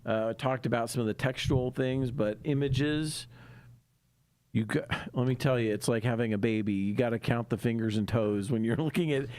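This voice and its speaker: A man's voice: mid-range voice, moderate pace, a little mellow. A man co-hosting a podcast, chatting casually and easily, with frequent fillers and laughs. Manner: easygoing, laughs often, many fillers. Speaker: podcast co-host.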